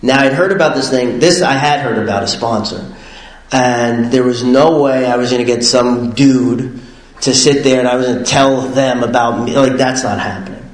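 A man shares his story casually, rambling and animated, with constant fillers and quick laughs. His voice sits at a middle pitch and carries an echoey room sound. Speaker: speaker sharing his recovery story.

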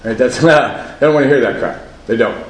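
A man's voice: medium pitch, a little fast, roomy sound, low-quality recording. A man giving a personal share at a recovery meeting, conversational, often asking "right?" and laughing at himself.

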